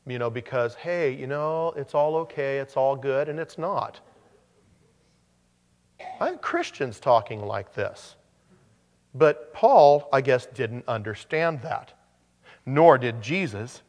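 Pastor preaching in a reverberant hall. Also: male voice, medium pitch, animated, slow pace, pauses often. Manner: conversational, joking asides. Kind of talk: sermon.

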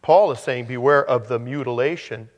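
Animated man preaching in a reverberant hall. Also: mid-range voice, moderate pace, lo-fi sound. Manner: animated, joking asides with restarts. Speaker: pastor. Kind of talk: sermon.

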